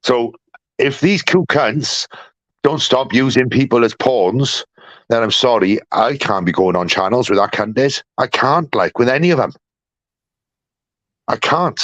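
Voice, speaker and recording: A man ranting angrily and profanely to his live-stream community, jumping between loud outbursts and low mutters. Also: animated, unhurried, no room sound. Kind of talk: angry live-stream rant.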